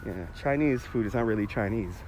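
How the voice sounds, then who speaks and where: A man's voice: lowish voice, fairly quick, a little mellow, slight background noise. A man live streaming as he walks outdoors through a city park, chatting in a rambling way and answering viewer comments on a phone held on a gimbal. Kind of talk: casual walking livestream chat. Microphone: phone on a handheld gimbal.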